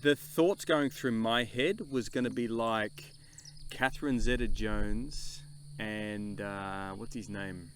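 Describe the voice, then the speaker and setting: A man's voice: fairly low pitch, slow pace, fairly bright tone, slight background noise. A man co-hosting a travel vlog, joking and teasing his co-host in casual banter. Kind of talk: casual chat.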